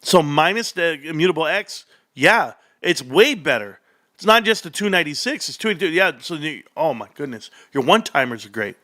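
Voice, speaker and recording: A man hosting a livestream, reading through financial numbers with loud, excitable exclamations to his viewers. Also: fairly high pitch, fairly quick. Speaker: stock streamer.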